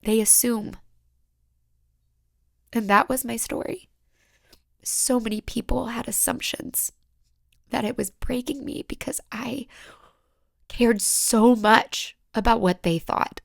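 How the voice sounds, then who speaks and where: A woman with a fairly high, gravelly voice talks slowly and confessionally on her solo podcast. Her delivery is raw and halting and sometimes sinks to a whisper. The sound is close and dry. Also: no room sound. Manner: emotional, halting, drops into whispers. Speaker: podcast host.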